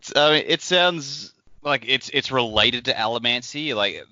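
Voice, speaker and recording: A man's voice: medium pitch, expressive, normal speed, pushed and bright, no echo, highs cut off. A man co-hosting a casual book podcast, rambling through theories and swearing casually. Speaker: podcast co-host.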